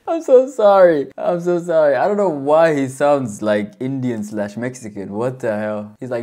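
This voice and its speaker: This is a woman hosting a reaction video with a deep, low voice. Her pitch jumps up and down constantly as she reacts. She talks in casual slang and laughs often. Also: sing-song, slow pace, pauses often, bright, forceful tone, slight background noise.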